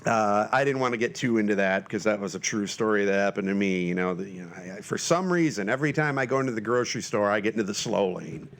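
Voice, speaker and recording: A man in his forties hosting his own podcast alone, talking loosely with lots of fillers and breaking into shrill panicky shouts for comic effect. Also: expressive, fast talker, hardly any pauses. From Northern Michigan, US. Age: 40s. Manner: loose and self-mocking, lots of fillers and restarts. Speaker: podcast host. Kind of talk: rambling solo podcast monologue.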